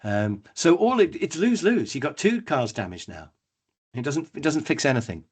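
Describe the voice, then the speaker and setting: A middle-aged man giving a webinar training talk, telling stories in a lively way and acting out the people in them. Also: a little high, normal speed, breathy edge. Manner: lively storytelling, acts out quoted people. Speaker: workshop trainer.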